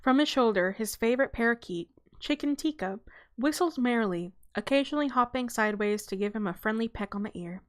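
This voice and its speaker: A woman hosting her channel, reading a children's novel aloud in a relaxed, casual way with small stumbles and self-corrections. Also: a little high, fairly quick. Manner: breaks off for a light aside and a laugh.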